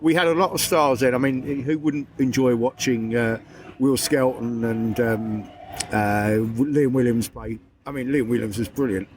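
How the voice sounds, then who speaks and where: Male fan guest, eager and halting, outdoors with faint background noise. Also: medium pitch, fairly even intonation. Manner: enthusiastic, searching for words. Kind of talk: casual chat. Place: outdoors at a stadium.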